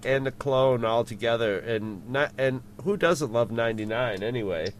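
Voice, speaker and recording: A man's voice: medium pitch, normal speed, a little hiss or hum. A man chatting casually as co-host, rambling through restarts and chuckling at his own remarks. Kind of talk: casual chat.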